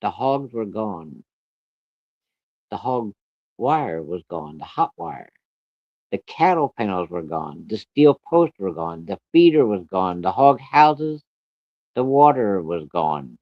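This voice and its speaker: Low-voiced man, folksy and rough-spoken. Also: very animated, slow, dry recording, muffled recording. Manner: folksy, rough-spoken, chuckles through the telling. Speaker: storyteller. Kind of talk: casual spoken true-life storytelling.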